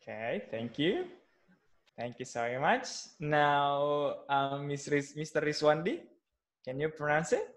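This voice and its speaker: A man's voice: a little high, big pitch swings, takes it slowly. A man teaching English pronunciation in an online class over a video call, patient and hesitant, with many fillers and restarts.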